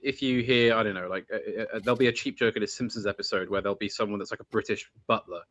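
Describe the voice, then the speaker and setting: A man hosts a podcast in casual chat, rambling with many restarts and asides. He talks fast in a fairly low, steady voice with a fairly bright tone.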